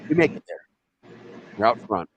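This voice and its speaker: A man's voice: mid-range voice, a little slow, highs cut off, a little hiss or hum. A man from Ohio telling a casual anecdote, swearing freely and acting out the dialogue as he goes. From Ohio, USA. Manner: profane, animated, acts out quoted dialogue. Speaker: storyteller guest.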